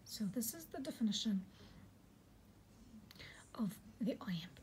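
A woman teaching a literature lesson in a soft, half-whispered voice, patiently explaining and filling pauses with "okay". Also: fairly high pitch, expressive, a little hiss or hum, poor audio. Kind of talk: recorded lecture on poetic meter.

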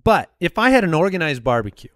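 A man in his thirties co-hosting a comedy podcast, his pitch rising and falling freely as he tells stories with jokey asides. His voice sits a bit high for a man. The sound is dry and close, with no room around it. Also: fast talker, clear, resonant tone, no echo. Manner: animated storyteller, jokey asides. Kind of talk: casual comedic chat.

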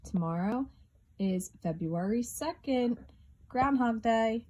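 A woman reading a children's picture book aloud, clear and expressive. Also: on the high side, slow pace. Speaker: storybook reader.

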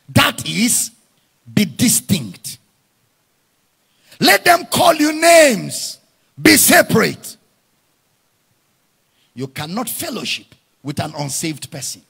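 A man preaching a sermon with a very raspy, gravelly voice, often breaking into shouts. His pitch sits high and swings widely from phrase to phrase. He draws words out slowly for emphasis, and his tone is bright and forceful. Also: wildly swooping pitch. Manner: impassioned preaching with frequent shouted lines. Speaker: pastor.

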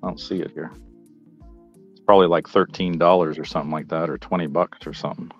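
A man chatting casually on a livestream from his phone while browsing a small comic book store, talking in a relaxed, rambling way. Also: low voice, quick pace, muffled recording, faint music behind. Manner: laid-back, rambling. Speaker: livestream panel guest. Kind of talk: casual chat.

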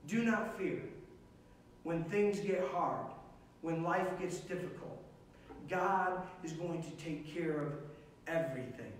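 A man's voice: a little high, takes it slowly, very echoey, recorded from a distance, a little hiss or hum, poor audio. A man preaching a sermon as pastor, earnest and emphatic, repeating key phrases.

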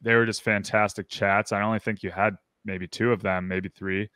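A man's voice: lowish voice, flat delivery, moderate pace, bright, forceful tone, clear, resonant tone, dry recording. A man hosting a podcast interview, upbeat and rambling, full of fillers and restarts. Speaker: podcast host. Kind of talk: casual interview chat.

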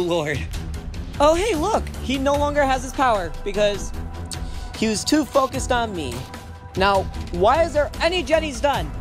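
A young gamer giving excited, profane commentary while playing, taunting the opponent. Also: medium pitch. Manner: excitable, swears a lot, taunts the enemy. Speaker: gamer doing live commentary. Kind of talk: casual gameplay commentary.

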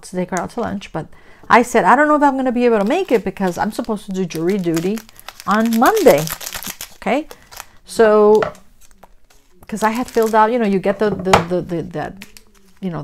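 A woman's voice: mid-range voice, creaky, slight background noise. A middle-aged woman chatting casually while she crafts, telling stories and acting out the dialogue with big reactions. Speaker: craft vlogger.

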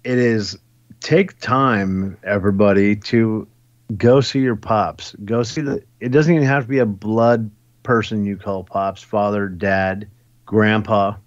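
A man's voice: on the low side, fairly even intonation, unhurried, no echo. A man in casual podcast chat, brash and swearing as he tells stories. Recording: dry, slightly dull sound.

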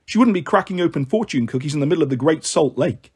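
Male audiobook narrator, steady storytelling delivery, slightly husky, higher pitch. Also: quick pace.

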